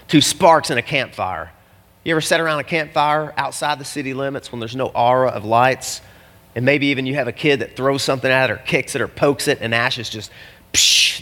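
In a church hall with long, ringing reverb, a pastor delivers a sermon in a casual, animated style, tossing slangy asides to the congregation. His voice is a little high for a man.

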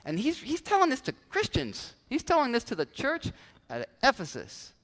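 This is a man delivering a sermon in a church hall that carries a long reverb. His voice sits high for a man. He preaches with animated energy, dropping into acted-out everyday voices to illustrate his points. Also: normal speed. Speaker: pastor.

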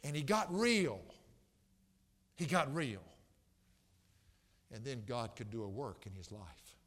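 A man preaching a sermon as pastor, swinging from soft, low passages to loud, impassioned outbursts. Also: big pitch swings, slow, big-room sound.

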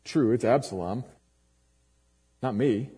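Male pastor, dramatic sermon delivery, husky mellow voice, church with long reverb. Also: takes it slowly. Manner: dramatic preaching with sharp swings from loud emphasis to low, quiet lines.

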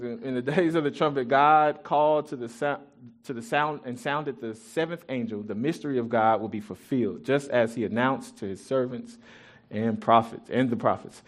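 A pastor preaching a sermon in an animated, conversational way, mixing Bible reading with personal stories. He often restarts his sentences, and his loudness jumps suddenly. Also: mid-range voice, normal speed. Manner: conversational and joking with the congregation. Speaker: pastor and youth track coach.

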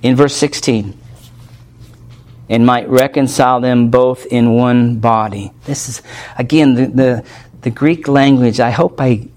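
A man's voice: medium pitch, fairly even intonation, unhurried, a little mellow. A man preaching a verse-by-verse sermon, teaching in a conversational way and often checking in with his listeners. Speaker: pastor. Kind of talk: expository sermon.

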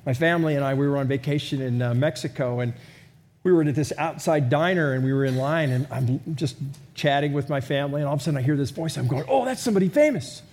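A man's voice: medium pitch, fairly even intonation, fast, darkish tone. A middle-aged man preaching a sermon in a conversational way, full of rhetorical questions and self-deprecating humor. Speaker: pastor.

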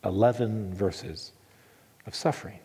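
A middle-aged man preaching a sermon as pastor, earnest and repeating phrases for emphasis, dropping to a hush and then lifting again. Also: on the low side, a little slow, husky, big-room sound.

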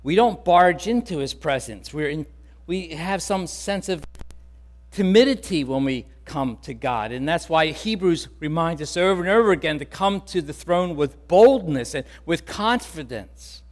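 A man pastor preaching a sermon in an earnest, conversational way, softening on key words. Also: a little high, expressive, a little slow, long reverb tail.

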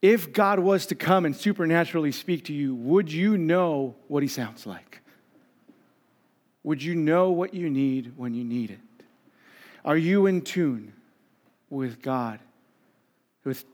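A pastor preaching a sermon in a conversational, humorous way, acting out the voices of the people in the story. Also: male voice, on the high side, takes it slowly, pauses often, darkish tone. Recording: long reverb of a large hall.

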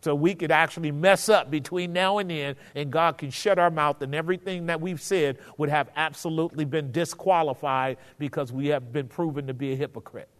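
A man's voice: fairly high pitch, a little fast, few pauses, big-room sound. A man teaching scripture to a group in a conversational sermon, often checking that his listeners follow him and rising in force when he quotes verses. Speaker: pastor teaching a Bible study.

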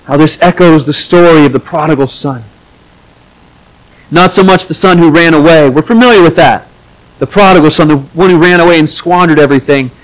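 High-voiced man preaching a sermon. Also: low-quality recording. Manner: earnest preaching, acts out quoted voices with rising pitch. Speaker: pastor.

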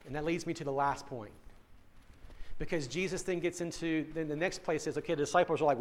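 Male pastor, high-pitched voice, earnest sermon delivery addressed straight to the congregation. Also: a little fast. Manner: earnest, direct address to listeners, repeats words when starting phrases.

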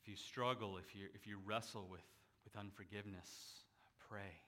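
A man's voice: on the low side, steady tone, moderate pace, pushed and bright. A male pastor giving a conversational sermon, acting out the voices in the stories he retells. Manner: conversational preaching, acts out quoted voices.

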